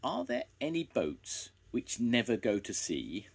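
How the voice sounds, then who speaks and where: An older man voicing an excited young girl in a storybook reading. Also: lowish voice, a little slow, breathy edge, voice pushed up, full character voice. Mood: pressing.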